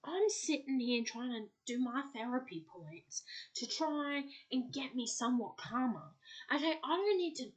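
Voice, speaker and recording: A woman's voice: sits high, expressive, moderate pace. A woman hosting a solo podcast, ranting and lecturing with exasperation, tagging lines with a pointed "okay?". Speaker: podcast host. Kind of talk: solo monologue to listeners.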